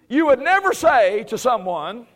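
Background noise accompanies a very animated male preacher with a high voice who speaks slowly. His Bible teaching is conversational, peppered with chuckles and sarcastic jokes stressed firmly.

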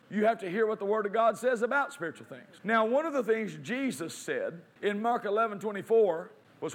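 High-voiced man preaching a sermon. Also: fairly bright tone. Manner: preaching with rising emphasis, quoting scripture; asks and answers his own questions.

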